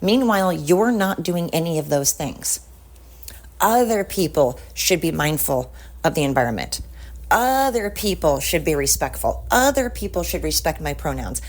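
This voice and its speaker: A woman's voice: low voice, expressive, moderate pace. A woman hosting a podcast, talking in a heated, blunt rant and swearing often. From United States. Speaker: podcast host. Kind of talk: casual ranting monologue.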